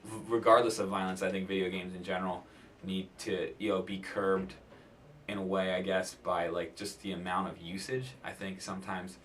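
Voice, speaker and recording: A man's voice: low voice, little pitch movement, normal speed, a bit bright, far from the mic, a little hiss or hum. A man giving his opinion in an interview, hesitant and full of fillers. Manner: hesitant, full of "you know" and "like".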